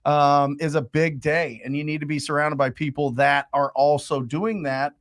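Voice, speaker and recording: A man's voice: fairly high pitch, steady tone, moderate pace. A man hosting a live podcast, talking in an upbeat, emphatic way. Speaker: show host. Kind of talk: casual live podcast chat.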